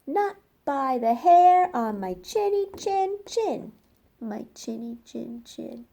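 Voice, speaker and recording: A woman voicing a cheeky young male pig in a children's story, high, squeaky and defiant. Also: very animated, slow, vocal fry, mellow, heavily acted.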